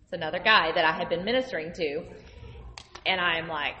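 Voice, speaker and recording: A woman telling an animated, conversational testimony about her ministry. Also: lowish voice, moderate pace, slight background noise. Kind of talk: casual testimony storytelling. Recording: roomy hall reverb.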